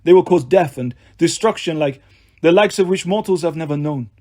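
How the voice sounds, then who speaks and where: A man's voice: on the high side, fairly quick, mellow, lightly acted. Man putting on a menacing, mocking monster. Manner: cold, mocking and threatening. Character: menacing male monster posing as a school official.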